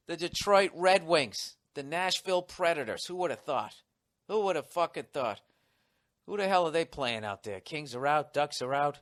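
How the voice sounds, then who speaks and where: A man's voice: high-pitched, normal speed, no echo. Profane rambling man, dry close mic. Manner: profane, rambling, self-mocking; rises to loud excited outbursts. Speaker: podcast host. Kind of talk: solo comedic podcast monologue.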